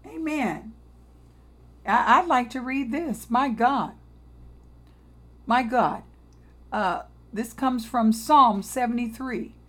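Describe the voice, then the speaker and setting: A woman's voice: a little high, slow pace, fairly bright tone. A woman preaching a sermon, reading scripture and exhorting her listeners, calling them honey and lifting her voice on key phrases.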